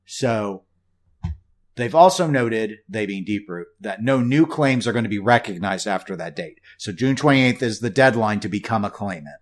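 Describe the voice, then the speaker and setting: A man's voice: fairly low pitch, expressive, moderate pace. Rambling wry podcast co-host, man. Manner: rambling, wry asides, frequent restarts. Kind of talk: casual podcast chat.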